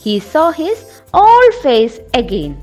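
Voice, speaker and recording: A woman telling a children's story in a slow, expressive, sing-song way. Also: high voice, soft background music.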